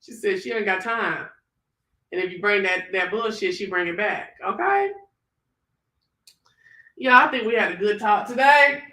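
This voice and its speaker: A live-stream host chatting casually with viewers, animated and swearing freely, talking into a phone. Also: medium pitch, a little slow, pauses often.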